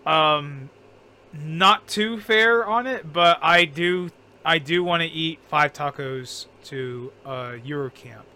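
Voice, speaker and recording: A man chatting on a casual podcast, his voice on the higher side and bright. He rambles, restarts his sentences and laughs often. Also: slow, clean tone. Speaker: podcast co-host.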